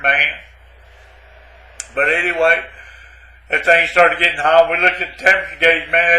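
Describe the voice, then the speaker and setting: A man's voice: fairly high pitch, gravelly, sharp tone, roomy sound, exaggerated voice, poor audio. A man playing a rambling, self-pitying ex-Navy man who stammers and keeps saying "man" in a comic monologue. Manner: rambling, repeats "man" and "but anyway", stammers.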